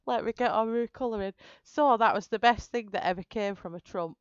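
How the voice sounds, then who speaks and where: Woman, giggly storyteller, slightly high voice, dry close sound. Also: a little fast, few pauses, clean tone, no echo, dull audio. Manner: giggly storytelling, laughing through her words. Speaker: live-stream colouring host. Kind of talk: casual live-stream chat.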